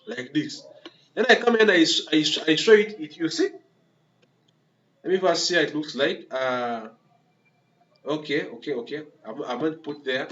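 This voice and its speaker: A man's voice: fairly high pitch, a bit bright. A man teaching a coding lesson, talking through each step as he types, repeating words and checking in with "okay?" and "yeah?" again and again. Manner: talks through typing step by step, restarts words. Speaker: coding instructor. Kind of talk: screen-recorded coding tutorial. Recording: dull lo-fi recording with faint hiss.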